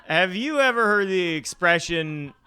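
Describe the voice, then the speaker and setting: A man with a high, smooth voice performs stand-up at an open mic in a small comedy club. He tells dark jokes in a deadpan way, stumbling over halting fillers.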